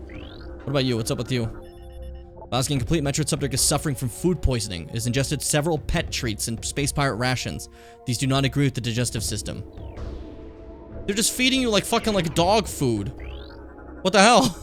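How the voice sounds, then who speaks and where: A man's voice: mid-range voice, animated, moderate pace, long pauses, faint music behind. A tired man in his late twenties, streaming a game casually, swearing freely and stumbling as he reads on-screen text aloud. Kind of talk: casual gameplay commentary.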